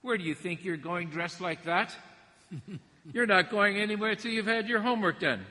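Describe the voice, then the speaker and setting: A man voicing a nagging mother who scolds and quizzes her teenager with rapid-fire questions. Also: a little high, pushed and bright. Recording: long hall reverb.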